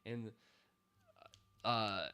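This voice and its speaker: A man's voice: on the low side, very slow, sharp tone, clear, resonant tone. A man giving a rambling, sarcastic spoken commentary, full of fillers and incredulous outbursts. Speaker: show reviewer.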